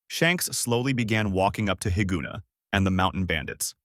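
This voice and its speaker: A man's voice: low-pitched, brisk, no echo. A man narrating a fan-made story for his channel in a casual storytelling voice, close to the mic. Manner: lively storytelling.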